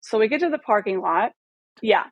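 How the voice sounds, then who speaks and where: A woman in her thirties, a podcast guest telling a long story in a casual, animated way, swearing freely and acting out the dialogue. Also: medium pitch, brisk, no room sound, muffled recording. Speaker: podcast guest, photographer and former model.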